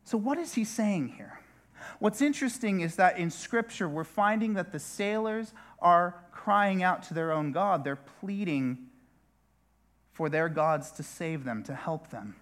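A man's voice: high-pitched, animated, a little slow, a bit bright. A man preaching a sermon as a pastor, speaking conversationally with frequent restarts and asides.

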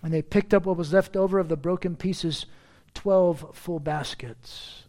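A man's voice: sits high, a little slow, dark tone. A man preaching a sermon as pastor, reading scripture verses and explaining them with emphatic, repeated phrases.

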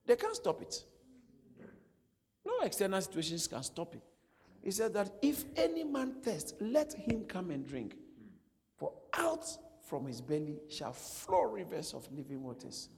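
A man with a high, gravelly, slightly rough voice preaches a little slowly, animated as he poses rhetorical questions and laughs at his own jokes with the listeners. Long hall reverb trails his words.

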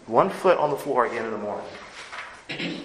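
A man preaching a sermon, earnest, rising to loud emphasis and dropping to hushed lines. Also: mid-range voice, animated, a little fast, echoey room, a little hiss or hum, rough recording. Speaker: pastor.

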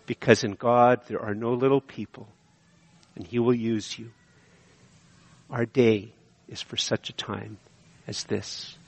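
A middle-aged pastor preaches with passion, circling back to the same phrases and swinging between near-hushed lines and loud bursts. His voice sits at an ordinary male pitch. A long reverb trails each phrase through the church. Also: level tone, measured pace, long pauses. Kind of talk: sermon. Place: church sanctuary.

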